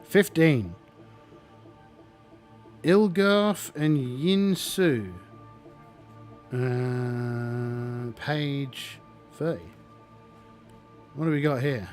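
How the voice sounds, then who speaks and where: A man's voice: medium pitch, drawn-out words, long pauses, darkish tone, soft background music. A man playing a solo tabletop game, muttering his dice rolls and narrating hesitantly.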